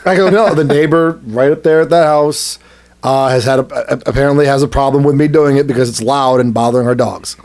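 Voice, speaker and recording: A man's voice: mid-range voice, brisk. A man co-hosting a casual podcast, telling an anecdote with lots of laughter and acted-out quotes. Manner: animated, laughs often, acts out quotes. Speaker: podcast co-host. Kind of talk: casual storytelling chat. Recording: studio podcast mic.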